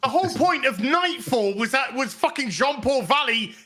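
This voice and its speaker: A man rants on a podcast, cursing freely and building to loud outbursts. His voice sits high and bright. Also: normal speed. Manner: profane, animated ranting. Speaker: podcast co-host. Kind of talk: casual podcast chat.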